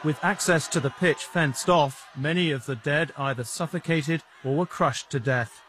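Male news reporter, fairly high voice, formal archive report with a faint noisy background. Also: normal speed, a bit bright.

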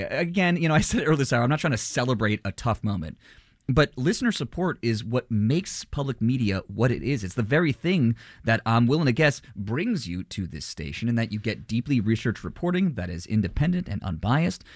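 A man's voice: mid-range voice, very animated, brisk, no room sound, studio quality. A man hosting a public radio pledge drive, making an earnest appeal to listeners. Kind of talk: fundraising pitch. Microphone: studio microphone.

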